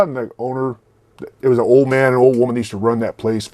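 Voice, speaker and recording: A man's voice: mid-range voice, fairly even intonation, quick pace, darkish tone, no room sound. A man in his forties telling rambling, profane stories about record stores in a casual way. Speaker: vlogger and record collector. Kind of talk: casual storytelling.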